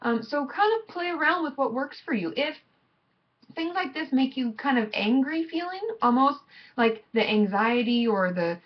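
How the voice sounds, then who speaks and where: A woman therapist giving casual, gently reassuring advice to her viewers in a chatty, conversational way. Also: high voice, animated, moderate pace, lo-fi sound. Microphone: computer mic.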